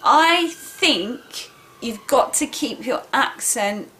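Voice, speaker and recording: A woman's voice: a little high, expressive, very slow, bright, forceful tone. A woman with a Southern English accent giving a casual video lesson on accents, emphatic and repeating her points, checking in with listeners often. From England.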